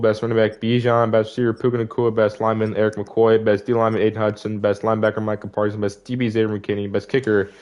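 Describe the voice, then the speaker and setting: A man's voice: fairly low pitch, a little mellow, clean tone. A young man giving casual gameplay commentary, frustrated and disappointed as he rambles through season stats. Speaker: gaming video creator.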